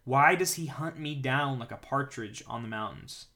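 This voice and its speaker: A man's voice: medium pitch, normal speed, bright, forceful tone. A man reading the part of a bold young male warrior, earnest and declaiming in a slightly raised voice. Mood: pleading.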